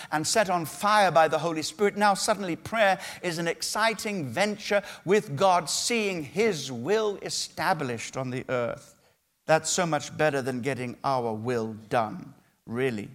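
A man preaching a sermon as pastor, lively and emphatic, acting out people's prayers. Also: sits high. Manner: animated preaching, acting out prayers in mock voices.

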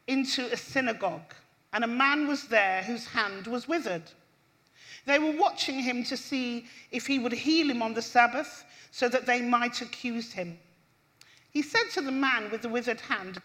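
A woman's voice: moderate pace, a bit bright. A woman preaching a sermon, reading scripture and speaking with impassioned emphasis. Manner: impassioned, rising pitch on emphasis.

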